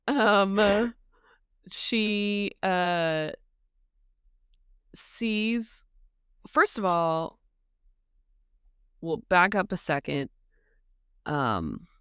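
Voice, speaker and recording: A woman co-hosting a podcast, chatting casually and hesitantly with lots of ums, retelling a story and popping into high voices for the characters. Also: expressive, drawn-out words, long pauses, a bit bright, clean tone, dry recording, studio quality. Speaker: podcast co-host. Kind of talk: casual book-discussion chat.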